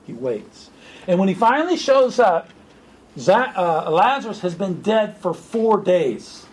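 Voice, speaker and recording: A man preaching an informal sermon to a small group, animated and joking. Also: sits high, measured pace, low-quality recording. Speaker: pastor.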